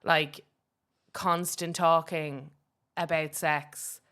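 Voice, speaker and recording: Irish woman yapping on a podcast, lowish voice, lots of "like" and restarts. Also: level tone, extremely slow, sharp tone. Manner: chatty, rambling with many fillers and restarts. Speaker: podcast co-host. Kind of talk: casual chat.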